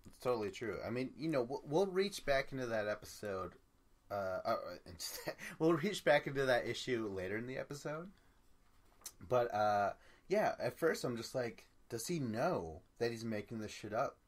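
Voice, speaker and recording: A podcast co-host with a medium-pitched, expressive voice talks at a normal speed in a casual recap of a reality show. He rambles loosely, repeats his words, and curses.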